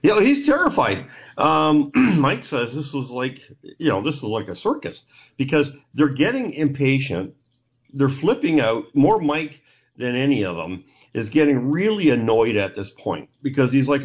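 A man's voice: medium pitch, normal speed. A middle-aged man telling a rambling story in an interview, acting out the voices of the people in it. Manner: rambling, animated retelling with quoted voices. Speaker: guest, paranormal investigator.

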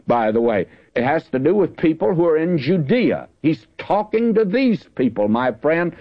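A man teaching the Bible in a folksy, conversational sermon, slowing down to stress the verses he reads. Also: mid-range voice. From Southern California. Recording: dull lo-fi radio broadcast.

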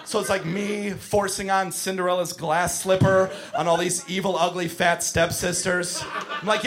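A young man doing stand-up storytelling on a club stage, animated and bursting into shouts. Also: high voice, moderate pace, over music. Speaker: stand-up comedian. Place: comedy club stage before a live crowd. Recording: live crowd audible.

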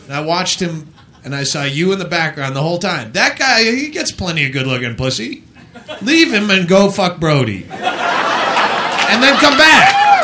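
Male stand-up comic, crude and blunt, fairly high voice, live club crowd. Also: huge pitch swings, moderate pace. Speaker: stand-up comedian. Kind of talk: stand-up comedy. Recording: live audience in a comedy club. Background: crowd laughter.

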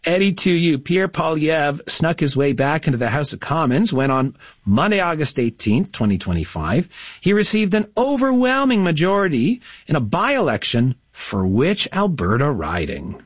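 A lively man hosting a radio trivia game, his voice lifting and dipping as he chats with callers. The tone is a touch husky and fairly high for a man. His voice is dry and slightly dull, recorded at a close studio mic. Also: normal speed, no echo. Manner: lively, chatty and encouraging with callers. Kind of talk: upbeat radio call-in quiz hosting. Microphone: studio broadcast mic.

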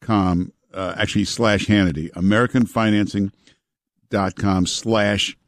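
A talk radio host, talking in a loose, conversational way full of "uh"s. His voice sits on the low side. The studio mic is close and dry. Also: measured pace, no room sound. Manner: relaxed, chatty, with frequent "uh" fillers. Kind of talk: talk radio banter and ad reads. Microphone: studio broadcast mic.

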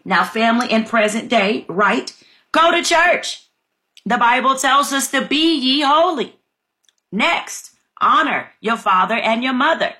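A woman's voice: a little high, expressive, unhurried, pushed and bright. A woman preaching a fervent sermon, reading scripture aloud and calling her listeners family. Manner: fervent, exclaims "my God", addresses listeners as family.

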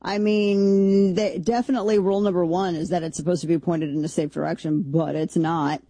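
A woman hosts talk radio with mellow, darkish tone and a slightly husky edge. She riffs in an incredulous, rambling, jokey way, and the sound is dry and close. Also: fairly low pitch, level tone, a little fast, no echo. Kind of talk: opinionated talk radio commentary.

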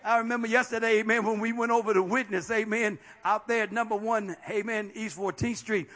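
A male pastor preaching a fiery, folksy sermon, peppered with amens and rising to shouts. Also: high-pitched, fairly even intonation, fairly quick. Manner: folksy, plain-spoken.

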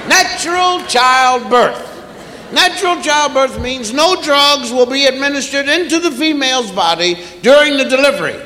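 A man doing stand-up, telling a long story slowly and acting out sounds and voices for a live audience. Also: very high voice, lively intonation, over music. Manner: drawn-out, acts out sounds and voices. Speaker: stand-up comedian. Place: theater stage before a live audience. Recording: roomy live hall recording with crowd. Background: audience laughter.

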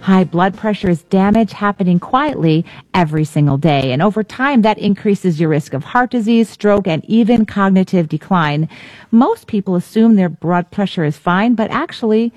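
Deadpan woman podcast co-host. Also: medium pitch, moderate pace, dry recording, lo-fi sound. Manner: dry, deadpan banter. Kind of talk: casual podcast chat and ad read.

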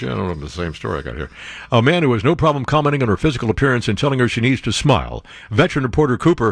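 A man's voice: vocal fry, breathy edge, no echo. Guy reading news and riffing on it, sarcastic, voice all over the place, dry close sound. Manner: animated, sarcastic asides, jumps to high exclamations. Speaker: show host reading and commenting on news. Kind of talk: casual political commentary.

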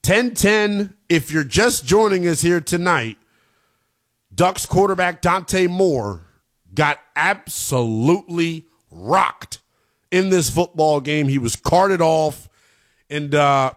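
A man's voice: on the high side, slow pace. Hyped sports radio host, man. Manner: energetic, hyped, slangy. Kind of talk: college football radio show.

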